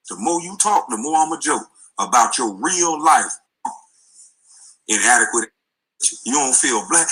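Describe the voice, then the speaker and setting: A man's voice: mid-range voice, expressive, unhurried, long pauses, pushed and bright, slightly rough, low-quality recording. A man delivering a heated, confrontational and profane rant, with scornful laughs. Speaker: guest.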